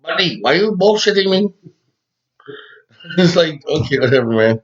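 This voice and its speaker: A man's voice: on the high side, expressive, measured pace. A man co-hosting a casual podcast, joking about scam calls and swearing freely. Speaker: podcast co-host. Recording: dull lo-fi sound.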